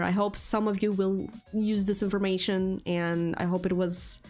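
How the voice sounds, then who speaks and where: A woman with a non-native English accent, chatting casually with viewers on a live stream, giggling often. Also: medium pitch. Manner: chatty, giggly, answers chat. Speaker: VTuber streamer.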